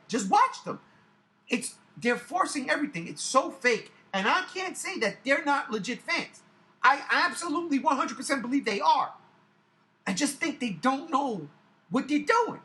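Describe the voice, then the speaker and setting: A man in his forties rants to camera as host of his own channel, swearing freely and hammering his points home by repeating them. His pitch leaps and dips all over the place, and his tone is bright and forceful. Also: creaky. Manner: animated, profane, emphatic, repeats himself for effect. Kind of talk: casual ranting commentary to camera.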